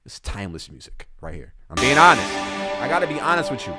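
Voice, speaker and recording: A man's voice: medium pitch, sing-song, quick pace, over loud music. A man giving casual reaction commentary on an album as a YouTuber, slangy and earnest, often speaking straight to the artist.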